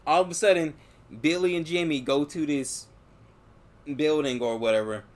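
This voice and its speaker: A man's voice: fairly high pitch, animated, normal speed. A man hosting a casual movie review podcast, retelling scenes loosely and swearing freely. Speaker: podcast host.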